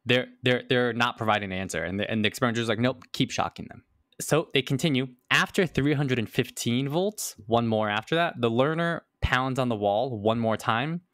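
A man's voice: medium pitch, brisk, a bit bright, no echo. Man explaining a study, dry sound. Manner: explanatory, repeats words while thinking. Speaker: podcast host. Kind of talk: explaining a study in casual chat.

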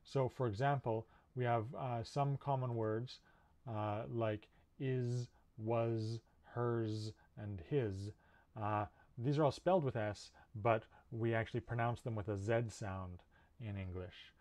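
A man's voice: medium pitch, steady tone, takes it slowly, darkish tone. A man teaching in a recorded video lecture, explaining patiently with frequent "uh" fillers. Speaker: linguistics instructor.

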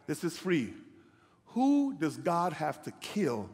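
A man preaching a sermon as pastor, often checking in with the congregation and rising from quiet talk to shouted calls. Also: a little high, huge pitch swings, slow pace. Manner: asks the congregation questions. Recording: hall reverb.

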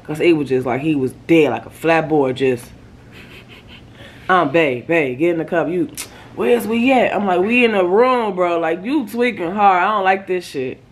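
Her voice lowish and her speed normal, a young woman chats casually in a storytime vlog. She curses without holding back and plays out her boyfriend's lines.

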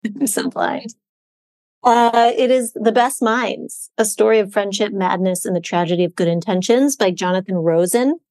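A woman's voice: mid-range voice, normal speed, no echo. A woman co-hosting a bookshop podcast, chatting casually about books with lots of "um" and "like". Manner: chatty, relaxed, many "um"s and "like"s. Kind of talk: casual book chat.

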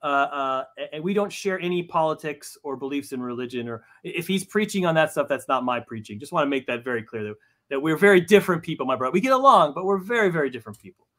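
Guy guest w/ a bright kinda high voice, stumbles and restarts a lot, laid back self-deprecating chat. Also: expressive, quick pace. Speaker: comic book writer as guest. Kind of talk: casual interview chat.

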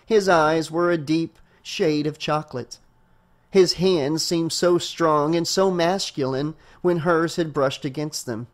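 A man narrating a horror novel as an audiobook reader, with a steady storytelling delivery. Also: on the high side, takes it slowly.

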